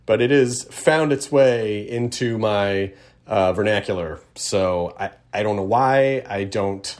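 A man's voice: on the low side, takes it slowly. Chatty rambling man hosting a podcast. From Tennessee. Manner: rambling, self-deprecating, with frequent restarts. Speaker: podcast host. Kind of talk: casual chat.

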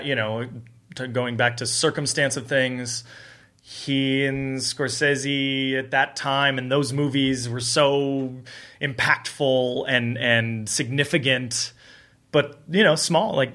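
Bright-voiced man telling stories. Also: mid-range voice, takes it slowly. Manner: animated storyteller who acts out quotes. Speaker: guest, director. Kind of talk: casual conversation.

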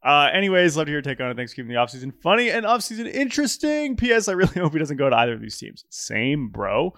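A man's voice: a little high, very animated, fast, fairly bright tone, no room sound, clean studio sound. A man co-hosting a baseball podcast in casual chat, joking, reading listener emails, often restarting sentences. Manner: chatty, jokey, many restarts. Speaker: podcast co-host.

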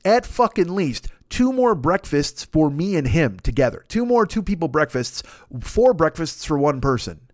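A man spins a rambling, foul-mouthed comic story and slips into the voices of everyone in it. His voice sits high and swings widely in pitch. The recording is dry and close, with no room sound. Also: no echo. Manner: animated, swearing, acts out both sides of the dialogue. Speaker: podcast host.

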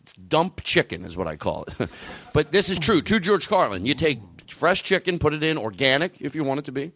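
A man hosting a comedy talk show, rambling and excitable with plenty of swearing. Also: a little high, brisk. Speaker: host.

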